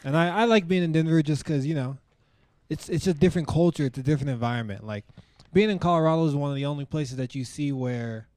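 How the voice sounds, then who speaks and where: A man's voice: on the high side, fast talker, a little mellow, dry recording. A male stand-up comedian talking to a live audience on stage in a conversational style, full of asides like "you know" and "like".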